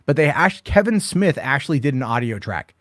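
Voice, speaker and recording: A man's voice: medium pitch, very animated, fairly quick, dry recording, clean studio sound. A man hosting a casual late-night movie chat, rambling through stories with lots of swearing and acted-out quotes. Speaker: host.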